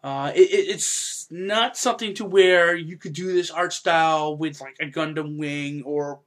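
A man hosting a casual podcast review, chatty and quick to laugh, sometimes breaking into loud silly impressions. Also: a little high. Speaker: podcast host reviewing an anime.

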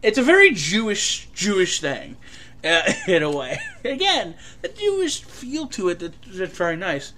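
A man giving a casual, rambling film review, full of fillers and an animated delivery. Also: high-pitched, unhurried, a little hiss or hum.

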